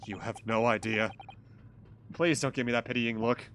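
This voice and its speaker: A man voicing a polite, hesitant young male hero in a story game, speaking softly and carefully. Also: medium pitch, normal speed, slight background noise, voice pushed down, lightly acted. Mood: weary.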